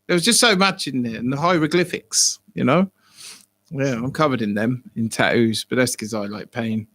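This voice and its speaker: A man hosting an online poetry session, chatting in a relaxed, joking way over a video call. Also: medium pitch, normal speed, no room sound. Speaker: host. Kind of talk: casual chat.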